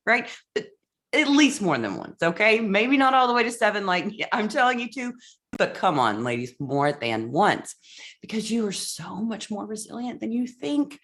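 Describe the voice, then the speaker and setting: A woman's voice: mid-range voice, very animated, moderate pace, a bit bright. A woman coach hosting a motivational podcast, blunt and emphatic, swearing freely.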